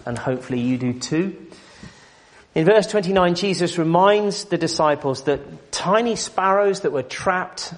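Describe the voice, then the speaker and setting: Preacher guy, kinda high voice, emphatic, big rhetorical swells. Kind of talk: expository sermon.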